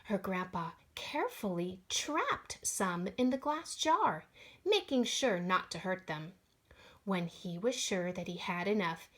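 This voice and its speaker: Expressive woman reading a picture book. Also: mid-range voice. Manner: expressive, sound effects in voice. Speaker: storyteller. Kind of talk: storybook read-aloud.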